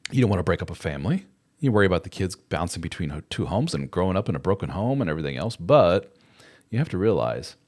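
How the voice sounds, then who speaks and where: A middle-aged man hosts a casual livestream and talks to his viewers in a frank, plain-spoken way. His voice sits very low. He swears now and then and keeps it conversational as he answers their comments. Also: a little mellow. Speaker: host answering viewer chat.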